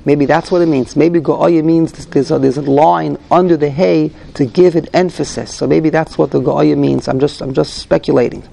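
A man's voice: fairly high pitch, steady tone, normal speed, creaky, few pauses, dark tone. A man leading a text study class, reading Hebrew phrases aloud and translating them, thinking aloud as he goes. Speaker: Torah class teacher.

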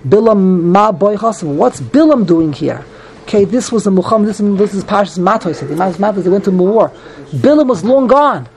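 A man giving a Talmud class, reading Hebrew phrases and explaining them quickly in English with many restarts. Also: high-pitched, a little mellow, poor audio. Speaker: Talmud teacher.

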